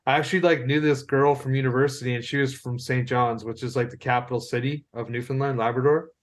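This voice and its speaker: A man's voice: mid-range voice, steady tone, fast. Rambling man, "like" every other word. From Ontario, Canada. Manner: rambling, heavy use of "like", swears casually. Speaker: podcast co-host. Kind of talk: casual storytelling chat.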